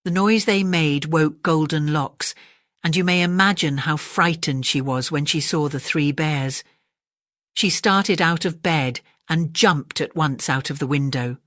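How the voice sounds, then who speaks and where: A woman with an English accent reads a bedtime story in a gentle, measured way. Her voice sits low, and the recording is dry and close. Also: no room sound. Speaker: audiobook narrator.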